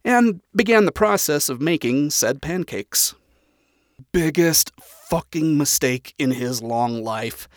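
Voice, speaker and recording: A man's voice: a little high, animated, slow, no room sound. Man narrating a story in a dry voice.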